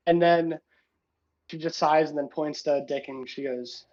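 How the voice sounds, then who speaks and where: A man narrating a tabletop game as game master in an animated way. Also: a little high, measured pace, muffled recording. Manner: animated, lots of voices and asides.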